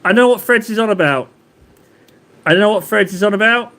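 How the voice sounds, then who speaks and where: Male stream host, high-pitched, loose and jokey, talks in fits and starts with constant fillers. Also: fairly quick, sharp tone. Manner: rambling, jokey, lots of fillers and self-interruptions. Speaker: livestream host. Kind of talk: casual chat with live chat readers.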